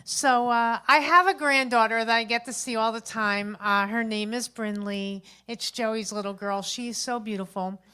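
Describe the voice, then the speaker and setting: A woman in her fifties delivers a rambling stand-up story at a small open mic. Her voice sits a little high, and she is chatty and animated, slipping into the voices of the people she describes. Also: moderate pace, few pauses, clean tone. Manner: chatty, animated retelling with acted-out quotes. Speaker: stand-up comedian. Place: open mic stage at a local venue.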